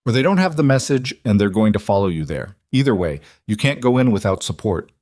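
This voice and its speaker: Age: middle-aged. Figure: calm, flat-voiced protector, read by a male narrator. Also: on the low side, no echo, studio quality, lightly acted. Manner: flat, measured, unemotional. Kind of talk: audiobook character voice.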